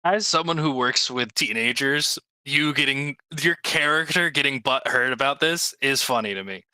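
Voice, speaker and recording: A man's voice: medium pitch, moderate pace, clear, resonant tone, no echo. A man running a tabletop game as game master, talking with frequent fillers. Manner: animated, lively delivery with frequent fillers.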